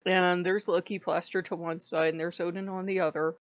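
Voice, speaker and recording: A woman's voice: on the low side, little pitch movement, a little fast, no echo, dull audio. A woman telling a personal story in a chatty vlog, often breaking into laughter. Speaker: channel host.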